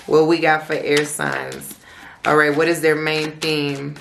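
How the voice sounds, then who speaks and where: A woman's voice: deep voice, little pitch movement, unhurried, creaky, fairly bright tone, a little hiss or hum. A woman giving a weekly tarot forecast in a chatty, slangy way, repeating phrases and adding playful asides. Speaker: tarot reader.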